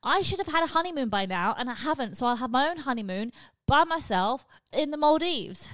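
A woman hosts her own podcast, spinning comic confessional stories at a quick clip. She is frank and sweary and mocks herself freely. The sound is close and dry, with no room around her. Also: high-pitched, lively intonation, fairly bright tone, no room sound. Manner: frank, sweary, self-mocking. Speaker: podcast host.

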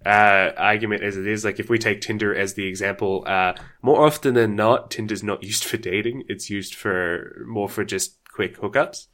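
A man's voice: fairly low pitch, fairly even intonation, moderate pace, hardly any pauses, fairly bright tone. A man talking thoughtfully and hesitantly in a casual podcast chat, with many fillers.

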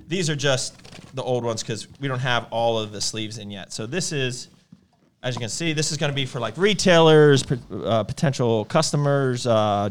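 Jokey man chatting on a live stream. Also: medium pitch. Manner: jokey, laughs often. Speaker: energy drink brand co-owner. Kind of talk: casual live stream chat.

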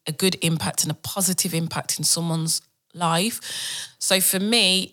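A woman in her thirties, a podcast guest, telling her story in a lively way. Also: on the low side. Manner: animated storytelling with laughs and acted quotes. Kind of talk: casual interview talk.

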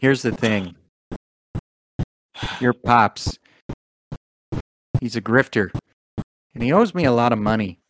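A man voicing a male polar bear boss who calmly threatens to collect a debt. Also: medium pitch, slow pace, pauses often. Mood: menacing.

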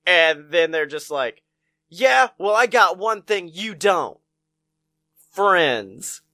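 A man's voice: high voice, sing-song, slow pace, pushed and bright, no echo. A man co-hosting a podcast, chatting casually about a movie, laughing often and acting out lines in silly voices. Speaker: podcast co-host. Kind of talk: casual movie review chat.

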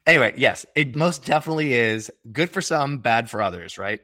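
A man hosting a podcast, upbeat and quick to laugh, reading through banter and figures. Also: medium pitch, animated, bright, forceful tone, no echo, studio quality. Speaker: podcast host. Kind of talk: scripted casual podcast banter.

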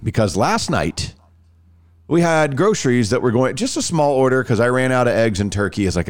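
A man's voice: medium pitch, big pitch swings, moderate pace, no echo. A man hosting a podcast, chatting casually and rambling with frequent restarts. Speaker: podcast host. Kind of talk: casual chat.

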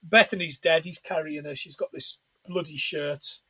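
A man's voice: fairly high pitch, normal speed, bright, forceful tone, slightly rough, no echo. A man chatting casually on a podcast, retelling a film's plot and laughing along. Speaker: podcast co-host. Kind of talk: casual film recap chat.

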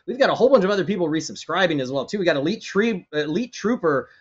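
A man's voice: sits high, expressive, quick pace, slightly rough. A man narrating as game master of a tabletop game, with a loose, rambling delivery full of fillers and restarts. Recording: slightly dull lo-fi stream audio.

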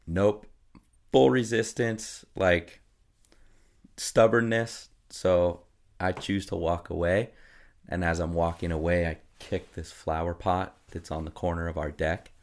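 A man in his thirties, a podcast guest, telling family stories in a casual, animated way and acting out his kids' voices. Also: deep voice, a little slow. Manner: animated storyteller who acts out his kids. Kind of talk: casual storytelling.

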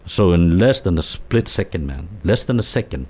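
Telling ghost stories as a co-host in a laid-back storytelling chat, this deep-voiced man talks at a moderate pace with a husky quality. His delivery wanders, full of restarts, lively energy, and imitated voices.

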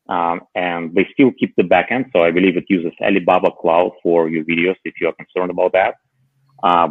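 A man's voice: low-pitched, husky, no echo. A man chatting casually about tech gadgets as a podcast co-host, hesitant and full of filler sounds, heard over a remote call. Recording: muffled phone-like line.

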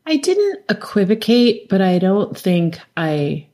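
A middle-aged woman, a documentary director, telling animated stories in a podcast interview and acting out quotes. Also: mid-range voice, slow. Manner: animated storytelling, laughs often, acts out quotes. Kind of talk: conversational interview.

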